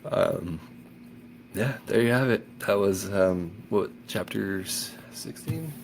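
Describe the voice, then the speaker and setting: A man reading a children's novel aloud with animated enthusiasm, then chatting about the chapter. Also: low-pitched, slow pace, vocal fry, slight background noise. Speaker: audiobook reader.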